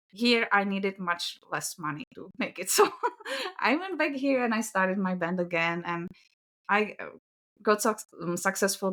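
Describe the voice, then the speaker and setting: A young woman with a Czech accent talks in English as a podcast guest. She giggles often and hesitates over her words with fillers. Her voice sits at a middle pitch for a woman. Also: bright, forceful tone. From Czech Republic. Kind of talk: casual interview chat.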